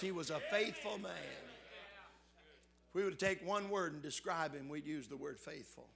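A man, preaching a sermon and swinging between fervent, raised passages and hushed, earnest ones. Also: on the high side, steady tone, moderate pace, vocal fry, husky.

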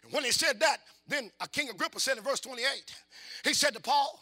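A middle-aged man preaching a call-and-response sermon. He talks in a folksy, repetitive way, questions the congregation, and swings between hushed asides and fervent shouting. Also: very high voice, brisk.

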